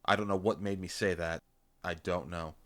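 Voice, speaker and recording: A man narrating an action-packed novel in first person, intense and punchy, voicing loud sound effects. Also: low-pitched, fairly even intonation, normal speed. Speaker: audiobook reader.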